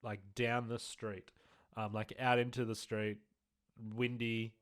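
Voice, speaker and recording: A man's voice: mid-range voice, takes it slowly. Laid-back man chatting. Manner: relaxed, lots of ums and likes, laughs along. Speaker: podcast co-host. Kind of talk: casual chat.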